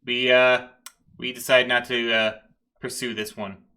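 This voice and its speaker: A man voicing a brisk, practical female police lieutenant in a tabletop game. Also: medium pitch, flat delivery, sharp tone. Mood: curt.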